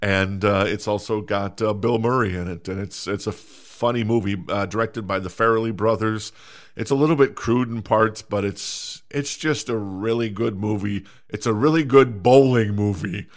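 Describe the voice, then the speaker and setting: Middle-aged male podcast host, lowish voice, casual and rambling, self-mocking. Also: moderate pace. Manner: rambling, self-mocking, many fillers and restarts. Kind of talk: casual solo podcast chat.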